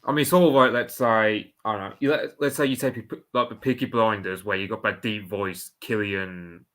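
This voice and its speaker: Guest, male, Birmingham accent, lowish bright voice, hesitant. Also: steady tone, moderate pace. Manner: hesitant, many restarts. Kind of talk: casual chat.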